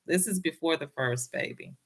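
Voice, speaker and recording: A woman's voice: low-pitched, moderate pace, vocal fry, husky. A woman giving a casual motivational talk and telling a personal story, speaking in a down-home way and often addressing her listeners directly.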